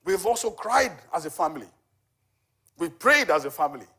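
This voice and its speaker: There's a sing-song quality to this man's fairly high, husky voice, which has a sharp tone and normal speed. He is a charity volunteer in his forties telling a story as a conversational church testimony, often saying "you know."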